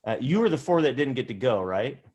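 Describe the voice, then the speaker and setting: A man with a mid-pitched voice teaching an improv class over a video call. He is encouraging and organizes the groups in a hesitant way, full of fillers. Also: very animated, brisk, a little mellow, breathy edge, highs cut off. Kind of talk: online class instruction.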